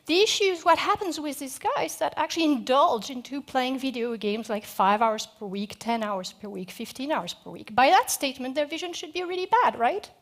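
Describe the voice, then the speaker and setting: A woman's voice: sits high, expressive, moderate pace, few pauses, fairly bright tone. A woman explaining in an emphatic, rhetorical lecture style.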